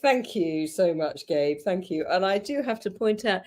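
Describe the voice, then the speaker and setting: A woman's voice: mid-range voice, lively intonation, normal speed, a little mellow. A woman with an English accent hosting a casual live-stream podcast, gushing with praise for her guests. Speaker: podcast host.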